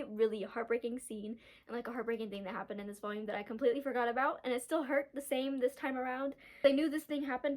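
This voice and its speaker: A young woman chatting casually in a reading vlog, bubbly and giggly, with lots of filler words. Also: on the high side. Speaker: book vlogger.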